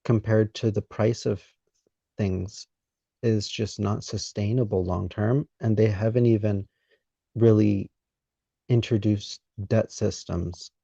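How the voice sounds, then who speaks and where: A man hosting a podcast interview, talking in a measured, deliberate way with pauses mid-sentence. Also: on the low side, fairly even intonation, vocal fry, dark tone, husky, no echo. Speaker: podcast host. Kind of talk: conversational interview. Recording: dry, dull lo-fi sound.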